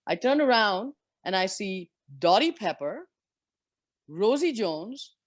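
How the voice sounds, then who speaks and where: A woman in her forties from India talks as an interview guest. She tells frank, lively stories and swears now and then. Her voice sits at a middle pitch, and the sound is dry and close. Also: slow, no echo, lo-fi sound. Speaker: interview guest, former professional golfer. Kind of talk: storytelling in a conversation.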